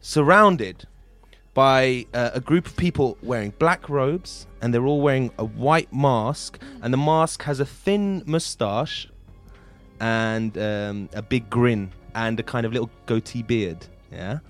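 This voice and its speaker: Guy game-mastering an improv dungeon game, rambly, ums everywhere, mid pitch, bit of music behind. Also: slow pace. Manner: loose narration with many ums and restarts. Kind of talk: narrating an improvised tabletop game. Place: podcast studio.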